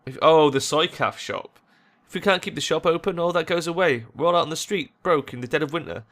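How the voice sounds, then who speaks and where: A man's voice: fairly high pitch, expressive, brisk, fairly bright tone, pitched above the performer's own voice. A man voicing a worried young woman. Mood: guarded, pleading. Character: young woman, worried but putting on a brave face. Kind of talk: reading game dialogue aloud.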